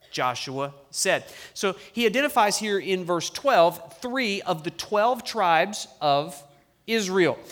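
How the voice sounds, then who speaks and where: High-voiced man preaching a sermon. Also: a bit bright. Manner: emphatic, slows down on key phrases; reads scripture aloud with the congregation. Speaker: pastor.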